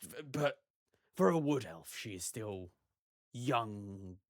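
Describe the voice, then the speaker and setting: A man voicing a cryptic old male marsh shaman who speaks slowly and solemnly. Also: lowish voice, expressive. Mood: musing. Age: older.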